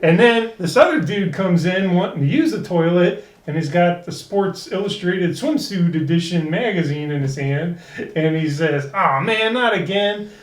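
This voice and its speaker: A man co-hosting a casual podcast episode review, who laughs often and acts out quoted lines in a higher voice. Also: roomy sound, far from the mic. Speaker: podcast co-host.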